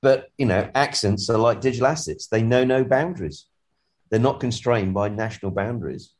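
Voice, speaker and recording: A man's voice: medium pitch, a little fast, darkish tone. A man co-hosting a podcast, chatting in a rambling, jokey way with lots of ums and restarts. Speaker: co-host. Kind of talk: casual podcast chat.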